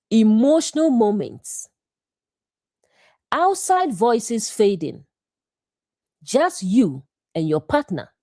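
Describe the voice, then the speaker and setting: Slow, measured woman teaching scripture. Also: fairly high pitch, mellow, no room sound, clean studio sound. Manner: measured, deliberate phrasing in short clauses. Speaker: bible teacher.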